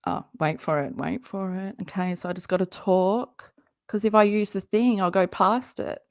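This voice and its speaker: A woman with a mid-range voice chats at a normal speed while reacting to a live stream. Her casual commentary is full of rambling, swearing, laughter and self-interruptions, captured in a dry, clean studio recording.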